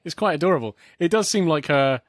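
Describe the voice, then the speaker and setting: A man co-hosting a podcast, chatting casually about a film, halting often with restarts and short laughs. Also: a little high, animated, no room sound, clean studio sound. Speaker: podcast co-host.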